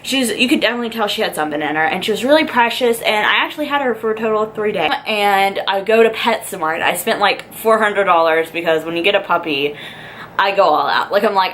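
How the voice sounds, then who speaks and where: A young woman with a drawl tells a story straight to camera in a vlog. She rambles, with plenty of "like" and "um". Her voice sits at an ordinary middle pitch, with a faint hiss underneath. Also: lively intonation, fast, a bit bright, poor audio. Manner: chatty and rambling, lots of "like" and "um". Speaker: vlogger.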